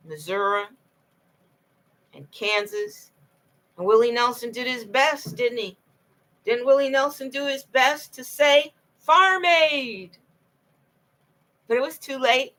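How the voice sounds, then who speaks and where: On a rough recording, a woman with a higher-leaning, pushed, bright voice talks to camera late at night. She recounts her own story with passion, rambling and frequently repeating herself.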